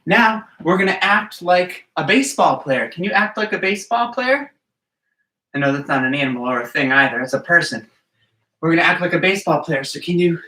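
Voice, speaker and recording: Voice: mid-range voice, a bit bright. An encouraging gymnastics coach talks simply to little kids and counts out each move while demonstrating. The voice sits back from the camera in a roomy gym, with plenty of echo around it. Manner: talks simply to small children and parents. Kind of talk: children's movement class. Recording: roomy, distant from the mic.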